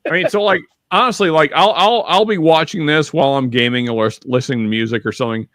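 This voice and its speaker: A man's voice: fairly high pitch, a bit bright, dry recording. Rambling man on a dry close mic. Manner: rambling, halting, many restarts and fillers; reads viewer chat aloud. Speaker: podcast co-host. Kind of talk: casual chat.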